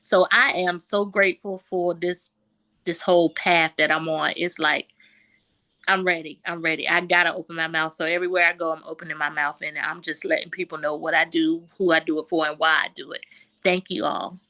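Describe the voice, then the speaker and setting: Woman, bright voice, animated storyteller on a video call. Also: deep voice, fairly quick. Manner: animated storytelling, quoting others. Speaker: insurance agent sharing a win. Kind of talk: casual group call testimony.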